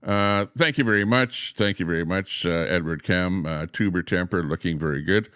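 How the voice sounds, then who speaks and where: A man hosting a livestream outdoors beside trees, chatting in a meandering way with lots of pauses and filler words. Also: deep voice, fairly bright tone, clear, resonant tone, no room sound, studio quality. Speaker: livestream host. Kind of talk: rambling casual livestream chat.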